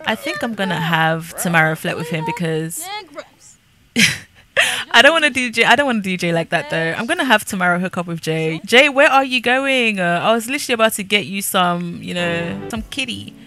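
A woman's voice: fairly low pitch, brisk, bright, forceful tone. A woman giving casual, sassy commentary while playing a life-sim game, chatty and nosy. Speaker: gaming creator.

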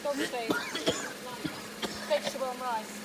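A woman's voice: high voice, steady tone, measured pace, distant mic, heavy background noise. A woman coaxing someone on in casual banter. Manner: encouraging, coaxing.

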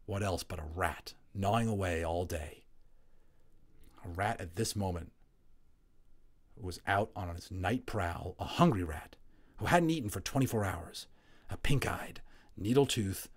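Deep-voiced man reading a storybook aloud. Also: measured pace, long pauses. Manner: expressive, builds tension, drops to hushed tones. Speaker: audiobook narrator. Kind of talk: storybook read-aloud narration.

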